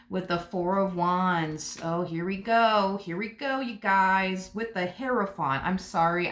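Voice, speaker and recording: A woman's voice: lowish voice, fairly bright tone. A woman giving a casual, chatty tarot reading, sassy and full of asides. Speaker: tarot reader. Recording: roomy echo.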